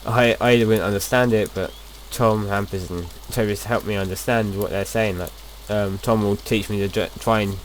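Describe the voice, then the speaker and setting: A man's voice: fairly low pitch, steady tone, moderate pace, few pauses, slight background noise. A young man casually talking through his gameplay as a video host, rambling and chatty, often restarting his sentences.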